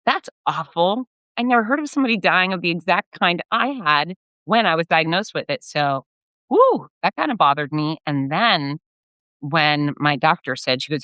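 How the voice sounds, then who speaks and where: Middle-aged woman, podcast host, candid storytelling, bright forceful tone, dry close sound. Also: lowish voice, normal speed, smooth, dry recording. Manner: candid, animated, blunt with mild swearing. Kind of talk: casual solo storytelling.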